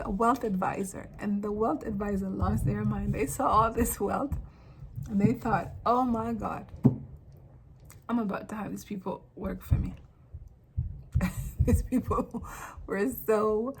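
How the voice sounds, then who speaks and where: A woman from Africa talking straight to camera in a casual, animated monologue, full of rambling asides. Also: mid-range voice, a little hiss or hum, poor audio. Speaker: vlogger.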